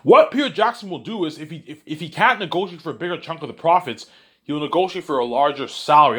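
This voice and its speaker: A man's voice: fairly high pitch, animated, quick pace, a bit bright. A man rambling in a casual monologue, repetitive and boastful. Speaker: monologue host.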